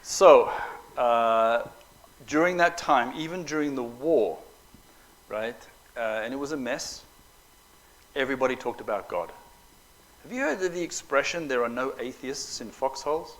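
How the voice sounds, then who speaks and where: A middle-aged man telling personal stories to an audience at a Bible school, animated and joking, acting out the quotes. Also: medium pitch, measured pace, low-quality recording. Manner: animated storyteller, acts out quotes, joking asides. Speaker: preacher. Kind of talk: storytelling talk to an audience.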